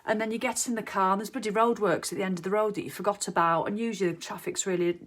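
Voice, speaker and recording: A woman's voice: medium pitch, steady tone, quick pace. A woman giving a casual motivational monologue, chatty, swearing freely and acting out everyday scenes. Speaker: motivational vlogger.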